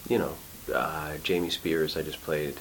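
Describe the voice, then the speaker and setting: A middle-aged man, an actor and acting teacher, chatting in an interview, animated and full of restarts as he acts out quotes. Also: rumbling low, a little slow, a little hiss or hum, rough recording. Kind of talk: casual interview conversation. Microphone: studio mic.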